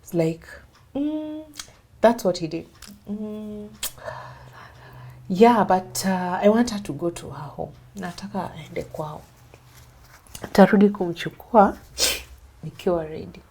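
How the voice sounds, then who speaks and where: A woman's voice: medium pitch, expressive, slow, long pauses, mellow, a little hiss or hum. A young Kenyan woman with a Kenyan accent, recounting a personal story as an interview guest and switching between English and Swahili. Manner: mixes English and Swahili, acts out others' lines.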